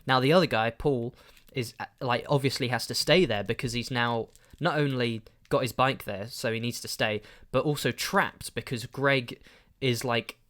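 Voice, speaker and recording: Guy chatting on a podcast, um-ing a lot, mid pitch, animated. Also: normal speed, hardly any pauses. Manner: rambling, animated, lots of fillers. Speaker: podcast host. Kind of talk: casual storytelling.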